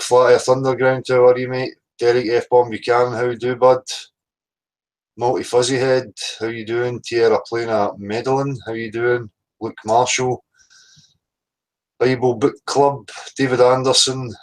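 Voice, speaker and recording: A man's voice: medium pitch, rough recording. A man hosting a casual livestream, blunt and sweary, greeting chat viewers by name. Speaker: livestream host.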